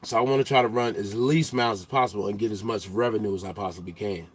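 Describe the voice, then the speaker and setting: A young male trucker hosting a casual livestream, chatting with viewers in loose slang and getting loud and animated as he teases the chat. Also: on the low side, fast talker. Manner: loose slang-heavy banter, gets loud and animated when teasing chatters.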